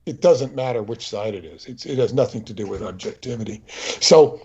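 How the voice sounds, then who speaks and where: A man's voice: fairly low pitch, expressive, brisk, darkish tone, breathy edge, lo-fi sound. A man co-hosting a livestream, telling a digressive, opinionated anecdote in loose, rambling chat. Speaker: livestream co-host.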